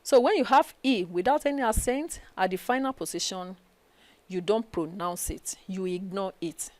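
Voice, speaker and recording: A woman's voice: medium pitch, normal speed, a little mellow, dry recording. A woman with a Nigerian English accent teaching a recorded French lesson. She repeats each phrase twice and checks in with "okay?". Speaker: French language lecturer. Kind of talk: recorded study-session lecture.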